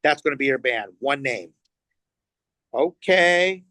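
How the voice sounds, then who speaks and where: A middle-aged man from Los Angeles, here as a guest musician in an informal interview, speaks slowly in a mid-range voice. He's an animated storyteller who acts out the quotes and swears liberally, and there's no echo.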